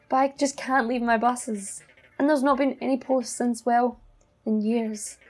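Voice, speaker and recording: Brief: woman doing a warm-hearted chatty bus man from a cozy game, high voice. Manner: friendly, chatty. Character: friendly chatty male bus depot keeper.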